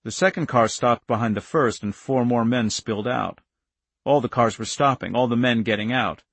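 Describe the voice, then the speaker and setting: A man reading a novel aloud in a measured, tense storytelling voice. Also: medium pitch, breathy edge, no room sound. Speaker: narrator. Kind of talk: audiobook narration.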